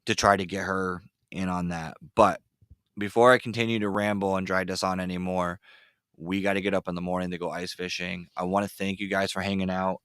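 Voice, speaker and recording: A man hosting a casual podcast, rambling with lots of fillers and telling excitable stories. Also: low-pitched, brisk, clean tone, dry recording, clean studio sound. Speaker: podcast host. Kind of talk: casual chat. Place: ice fishing shanty.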